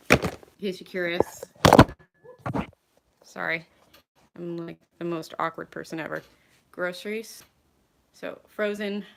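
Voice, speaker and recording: Moving between rooms at home as she unpacks groceries, a Canadian woman in her thirties rambles through a casual live vlog chat, often apologizing with a self-deprecating edge. Her lowish, creaky voice stays steady, slow and full of pauses over a noisy background.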